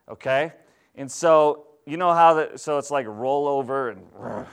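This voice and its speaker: A male pastor with a fairly high, clean voice delivers a storytelling sermon at an unhurried, animated pace. He speaks candidly and conversationally to his congregation, often posing rhetorical questions.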